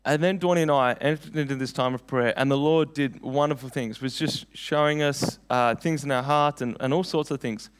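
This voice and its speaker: A man's voice: mid-range voice, normal speed, hardly any pauses, clean tone. A young man preaching a sermon, telling personal stories in an earnest, conversational way.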